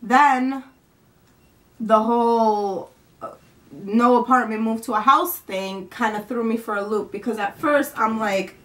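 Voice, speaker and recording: A woman's voice: a little high, a little slow, a bit bright. A young woman vlogging at home, venting in a rambling, frustrated way and swearing casually.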